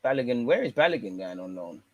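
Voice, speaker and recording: A man's voice: mid-range voice, very animated, fast talker, a little mellow, lo-fi sound. A man hosting a fan channel, casually reading and answering viewer comments in a slangy, bantering way. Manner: slangy, laid-back, bantering.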